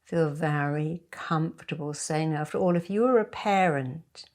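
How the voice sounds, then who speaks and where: A woman's voice: low voice, normal speed, a little mellow. A middle-aged woman therapist giving emphatic, encouraging advice in a talk to camera. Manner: emphatic, encouraging, acts out sample phone calls.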